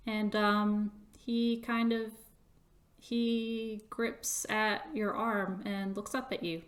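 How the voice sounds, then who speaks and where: Slow-talking woman game master. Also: medium pitch, level tone. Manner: slow, hesitant with many fillers. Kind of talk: narrating a tabletop game.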